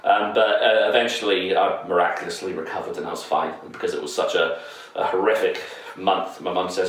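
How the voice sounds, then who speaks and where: A man's voice: sits low, fairly even intonation, fast, hardly any pauses. A man telling a story in casual chat, rambling, laughing and swearing freely. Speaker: podcast co-host. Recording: echoey room, distant mic.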